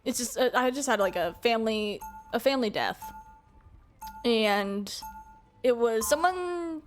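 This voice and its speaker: A young woman streamer talks openly while she plays, her voice sitting a little high. She rambles through her thoughts with plenty of fillers, and faint music runs underneath. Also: lively intonation, unhurried. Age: young adult. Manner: candid, rambling, heavy on filler words. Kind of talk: casual chat while gaming.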